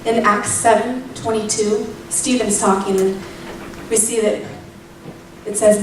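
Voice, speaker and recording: A woman in her thirties teaching a Bible study, candid and personal, with emphatic rises in her voice. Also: medium pitch. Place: church room. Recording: echoey room, distant mic, faint noise.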